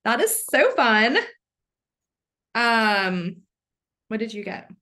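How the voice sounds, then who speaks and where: An excitable young woman hosts a casual podcast chat, gushing over everything and dropping the odd swear word. Her pitch swings widely as she enthuses. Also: drawn-out words. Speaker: podcast host.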